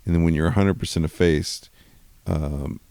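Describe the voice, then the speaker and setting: A man's voice: low-pitched, fairly even intonation, normal speed, creaky, dark tone, dry recording. A man co-hosting a podcast from a bedroom at home, explaining things patiently and thinking aloud in casual chat. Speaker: podcast co-host.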